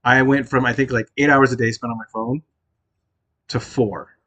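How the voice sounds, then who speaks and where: A man's voice: medium pitch, steady tone, moderate pace, fairly bright tone. A young man co-hosting a podcast, chatting in a rambling, casual way with frequent laughs. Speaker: podcast co-host. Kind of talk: casual chat.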